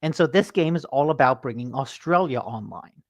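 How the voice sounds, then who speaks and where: Animated man chatting on a dry mic. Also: medium pitch, moderate pace, dry recording. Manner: animated storyteller, swears freely. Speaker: podcast host. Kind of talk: casual gaming podcast chat.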